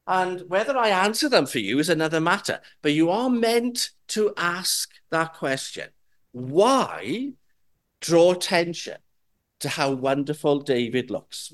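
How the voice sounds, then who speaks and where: Preacher guy, high lively voice, slow and emphatic, lots of rhetorical questions. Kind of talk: sermon.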